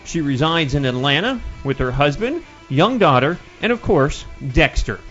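A man's voice: on the high side, animated, moderate pace, a bit bright, soft background music. A man hosting a radio interview, chatting in a friendly, conversational way. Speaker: radio show host. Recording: lo-fi radio studio sound.

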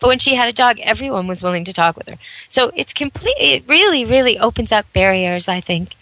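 A woman's voice: fairly high pitch, expressive, a little fast, a bit bright, rough recording. A woman hosting a radio talk show, giving earnest, persuasive advice in long flowing runs.

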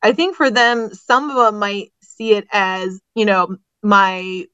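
A woman's voice: medium pitch, fairly even intonation, takes it slowly, hardly any pauses, a bit bright, clean tone, dry recording. Woman vet explaining, dull lo-fi audio. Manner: informal, explanatory advice-giving. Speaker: veterinarian guest. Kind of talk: casual interview chat.

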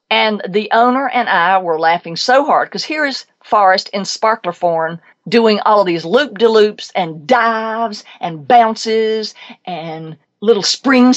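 Lively woman telling a pet story. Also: mid-range voice, muffled recording. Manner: lively, emphatic, chatty. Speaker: show host and pet psychic. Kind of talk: animated storytelling on a talk show.

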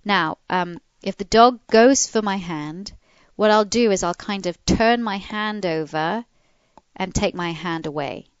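A woman dog trainer co-hosting a podcast, explaining training tips in an animated, hands-on way with soft coaxing cues. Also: mid-range voice, unhurried, smooth, no room sound, highs cut off. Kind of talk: casual advice chat.

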